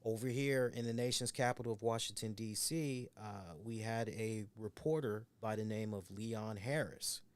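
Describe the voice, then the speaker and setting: A man's voice: fairly low pitch, normal speed, hardly any pauses, smooth. A man co-hosting a casual podcast chat, rambling and swearing as he acts out the voices of people he quotes. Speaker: co-host.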